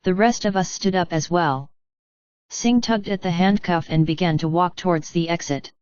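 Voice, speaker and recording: A woman reading an audiobook in scripted narration, voicing every character in the same even narrating voice. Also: lowish voice, normal speed, no room sound, dull audio.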